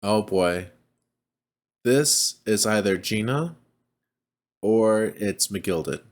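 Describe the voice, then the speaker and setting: A man's voice: lowish voice, animated, drawn-out words. A man hosting a let's play, giving casual commentary, chatting along as he reads the game text aloud and laughs often.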